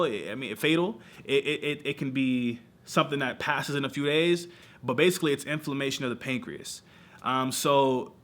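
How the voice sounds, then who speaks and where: A young man in his twenties telling his news in a casual vlog, animated and emotional, peppering his talk with slang. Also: medium pitch. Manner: animated, emotional storytelling with slang like bro and y'all. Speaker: vlogger. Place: lives in Southern California.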